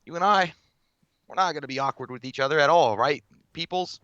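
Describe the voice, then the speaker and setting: A man with a somewhat high, bright voice chats loosely on a live stream. He stumbles through fillers and restarts and swears freely while reading out viewer comments, and the close, dry sound has no room echo. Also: brisk, muffled recording. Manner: rambling and profane, lots of fillers and restarts, reads chat aloud. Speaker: podcast co-host. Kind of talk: casual live-stream chat.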